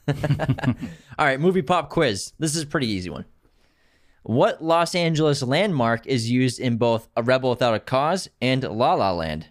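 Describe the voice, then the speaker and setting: A man co-hosting a podcast in casual chat, relaxed and often laughing as he runs a movie quiz. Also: mid-range voice, moderate pace, no room sound, clean studio sound. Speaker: podcast co-host.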